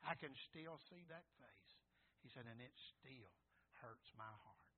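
A man preaching a sermon, moving from hushed, halting storytelling to loud, high cries. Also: lively intonation, slight background noise. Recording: tinny phone-like line.

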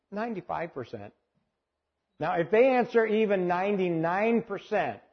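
Man, church evangelism teacher, husky voice, conversational, asks the room questions, muffled lo-fi sound. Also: on the high side. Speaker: evangelism trainer.

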